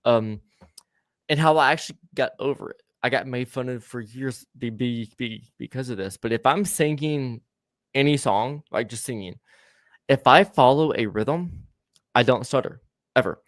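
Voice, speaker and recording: Male podcast host, casual and loose, stutters and swears, mid-pitched, dry close sound. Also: normal speed, dry recording. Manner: stuttering, profane, laughs easily.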